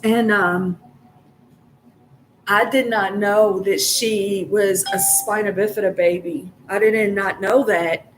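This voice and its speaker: A woman's voice: medium pitch, steady tone, slow pace, a little hiss or hum, poor audio. A woman telling a personal story in a casual, rambling, profane and emotional way.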